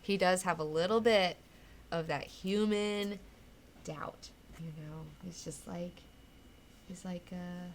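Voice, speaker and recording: Female comic book host, somewhat low voice, rambling casual chat, frank and profane. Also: takes it slowly, pauses often, a little hiss or hum. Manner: rambling and candid, swears freely, acts out characters' lines.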